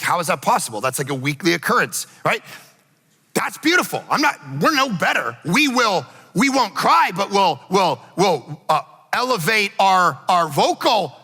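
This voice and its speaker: A middle-aged male pastor preaching a sermon in a casual, conversational way, telling stories and acting out quick asides. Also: high voice, gravelly, breathy edge. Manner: conversational, animated storytelling with acted asides. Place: church sanctuary. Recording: reverberant church hall.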